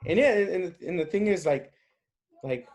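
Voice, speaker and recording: A man in his twenties hosting a podcast, upbeat and casual, rattling off shout-outs and sign-offs. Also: high-pitched, lively intonation, moderate pace. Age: 20s. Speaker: podcast host.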